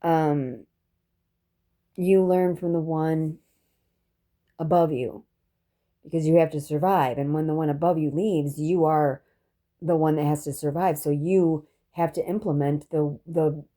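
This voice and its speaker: A woman's voice: deep voice, fairly even intonation, measured pace, long pauses, mellow. A woman telling a personal story in a rambling, reflective monologue, restarting often and dropping profane asides.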